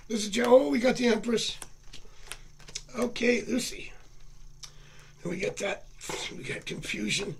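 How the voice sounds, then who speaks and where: Gravelly high-voiced man reading tarot. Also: measured pace, long pauses. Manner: chatty, rambling, jokey. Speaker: tarot reader. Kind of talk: casual live-stream reading. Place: home.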